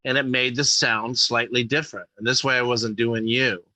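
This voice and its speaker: A man's voice: medium pitch, steady tone, normal speed, bright, forceful tone, poor audio. A man chatting as a guest comedian, rambling and interrupting himself as he tells stories. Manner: rambling, self-interrupting storyteller. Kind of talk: casual storytelling chat.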